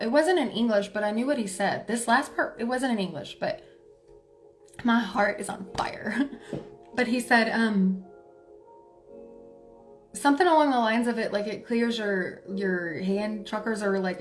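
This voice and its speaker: Woman spiritual reader, higher voice, loose chatty storyteller. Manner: chatty, many filler words, soft laughs. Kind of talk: casual storytelling to viewers.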